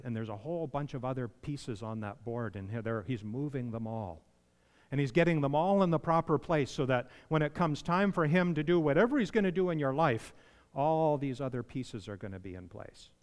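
A man of medium pitch and darkish tone preaches at a moderate pace, animated throughout, under long hall reverb. As a pastor, he talks conversationally, questions his audience, and rises to emphatic pleading whenever he takes on others' voices.

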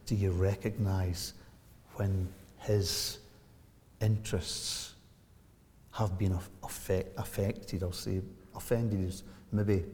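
A man in his seventies preaching a sermon, animated and emphatic, asking rhetorical questions and building to loud peaks. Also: lowish voice. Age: 70s. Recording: long hall reverb.

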